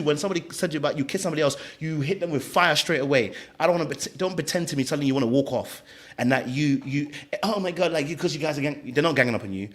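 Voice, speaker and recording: A man, co-hosting a podcast and arguing his take on a reality show emphatically, often repeating words. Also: fairly high pitch. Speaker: podcast co-host. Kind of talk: heated reality-show reaction talk.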